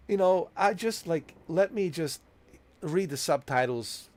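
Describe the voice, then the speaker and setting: A man's voice: a little high, lively intonation, a little slow, darkish tone. A man commentating casually over a story game, joking about dubbed films and laughing often. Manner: joking, mimics foreign accents and dubbing, laughs often. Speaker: gameplay streamer.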